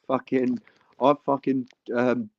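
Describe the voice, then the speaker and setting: A man's voice: medium pitch, flat delivery, takes it slowly, no room sound. Rambling young Englishman, dry lo-fi sound. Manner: rambling with many fillers and swearing. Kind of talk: casual podcast chat.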